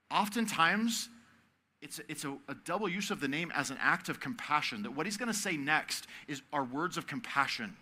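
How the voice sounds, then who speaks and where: A man giving a sermon at a youth camp. He talks in a conversational way and swings from loud, emphatic stretches to soft, hushed ones. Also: on the high side, brisk. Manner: conversational, asks the audience to repeat words.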